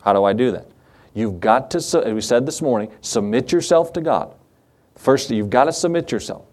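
A man's voice: mid-range voice, lively intonation, moderate pace, a little mellow. A man preaching a sermon, reading King James scripture and asking the congregation rhetorical questions in a conversational way. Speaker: pastor.

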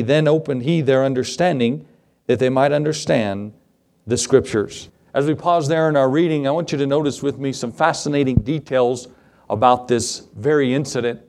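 A man's voice: mid-range voice, moderate pace, darkish tone. A man preaching a sermon, reading scripture and speaking earnestly, drawing out key words. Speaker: pastor.

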